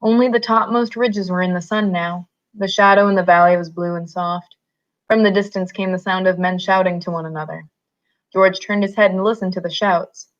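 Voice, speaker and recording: A woman reading a novel aloud at a steady, unhurried pace, in a slightly muffled recording. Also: fairly low pitch. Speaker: reader.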